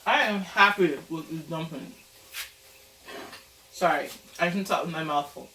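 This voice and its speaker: Recorded from a distance by a camera mic as she faces away, a woman hosting a casual cooking vlog speaks in a low, bright, forceful voice without hurrying. She is chatty and playful, narrating each step in a roomy kitchen with faint background hiss.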